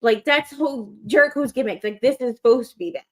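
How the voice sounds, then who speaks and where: A woman co-hosting a wrestling call-in show, ranting in an animated, frustrated way. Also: on the high side, fairly quick. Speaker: co-host. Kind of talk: casual chat.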